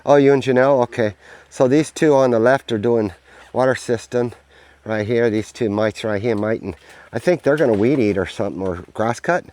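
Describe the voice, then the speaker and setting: A man's voice: mid-range voice, normal speed, darkish tone. A man walking his farm outdoors, rambling in an upbeat, sweary, casual vlog to a handheld camera. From United States. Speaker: vlogger, farm owner.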